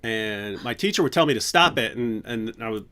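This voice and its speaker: A man's voice: medium pitch, animated, moderate pace, bright, forceful tone, smooth. A man hosting a casual livestream, talking in a loose, rambling way full of fillers and restarts. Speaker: livestream host.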